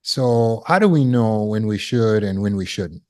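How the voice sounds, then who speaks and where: A man's voice: lowish voice, lively intonation, a little slow, darkish tone. A man giving a spoken lesson to an online audience. As a healing course teacher, he asks rhetorical questions and repeats words while he thinks.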